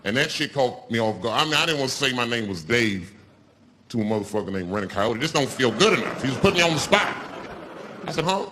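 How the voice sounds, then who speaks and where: A male comedian tells stories in a loose, profane stand-up routine. His pitch swings widely as he punches lines. It is a noisy live recording from a stage. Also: fast talker. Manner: loose, profane, animated storytelling. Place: stage before a live audience.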